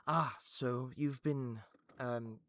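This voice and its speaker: A man's voice: medium pitch, fairly even intonation, creaky, a bit bright, exaggerated voice. A man voicing a squat, disheveled old noblewoman who halts and hesitates as she speaks. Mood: courteous. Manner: halting, hesitant speech with many fillers.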